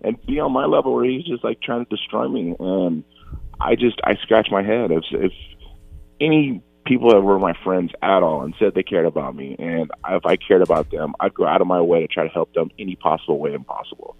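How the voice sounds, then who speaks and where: Deep-voiced guy in his forties, earnest interview talk, sounds thin like over a phone, dead dry. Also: expressive, fairly quick, gravelly, dry recording, narrow, tinny audio. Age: 40s. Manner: earnest, repeats himself, restarts sentences. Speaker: guest.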